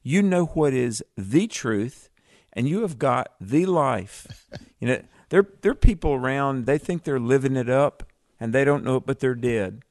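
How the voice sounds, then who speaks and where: A man's voice: mid-range voice, animated, a little slow, a little mellow, dry recording, studio quality. A man co-hosting a radio Bible discussion, making earnest, preacherly appeals to listeners. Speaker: radio co-host.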